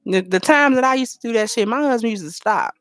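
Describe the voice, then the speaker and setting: A woman's voice: on the high side, animated, quick pace, no echo. Blunt, profane woman live-stream host. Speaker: livestream host. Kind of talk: casual live-stream talk.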